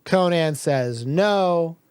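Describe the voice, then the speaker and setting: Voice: medium pitch, animated, very slow, a little mellow, clean tone, dry recording, studio quality. A podcast co-host giving a loose, casual plot recap, swearing freely. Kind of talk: casual book recap chat.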